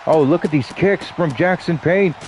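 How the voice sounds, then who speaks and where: A man calls wrestling play-by-play with a stuffy, blocked-up nose. His delivery is casual, and he slips in joking asides between moves. A steady hiss of noise sits under his voice. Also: on the high side, moderate pace. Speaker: play-by-play commentator. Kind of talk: wrestling commentary.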